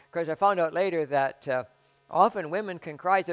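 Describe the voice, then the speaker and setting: A pastor gives a conversational sermon in a fairly high, smooth voice. He's halting and self-deprecating, restarting often.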